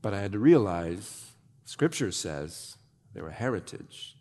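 A man preaching a sermon, with dramatic pauses and sudden drops to a low, quiet voice. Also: very animated. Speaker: pastor. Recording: long hall reverb.

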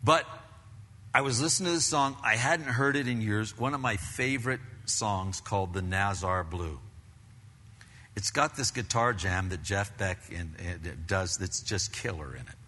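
A man's voice: on the low side, a little slow, bright, forceful tone. An older man preaching a conversational sermon as pastor, telling stories with casual slang asides. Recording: long reverb of a large hall.

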